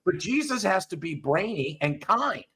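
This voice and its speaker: Male dog trainer, podcast regular; blunt and profane, husky timbre. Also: high voice, very animated, normal speed, a bit bright. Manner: blunt, swears freely. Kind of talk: casual coaching chat.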